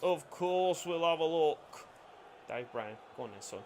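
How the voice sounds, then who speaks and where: A man commentating his football video game career with loud outbursts and cheeky banter. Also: a little high, lively intonation, measured pace, slight background noise. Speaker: gaming YouTuber.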